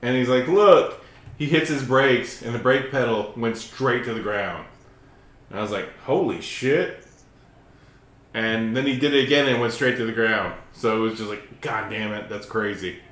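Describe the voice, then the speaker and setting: A man's voice: medium pitch, moderate pace, fairly bright tone, reverberant. A man in his forties, a podcast co-host telling a story in casual chat, swearing freely and repeating himself. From Appalachia, western North Carolina.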